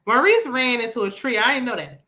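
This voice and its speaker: Sassy bright-voiced woman. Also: on the high side, very animated, a little fast. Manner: sassy, opinionated, talks back at the screen. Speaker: reality show reviewer. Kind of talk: casual commentary.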